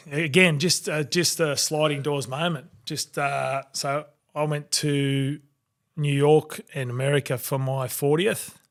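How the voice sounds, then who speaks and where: Australian man, forties, podcast guest, storytelling, mid-pitched voice. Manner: animated anecdotes, acting out quoted voices. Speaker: guest, former rugby league player.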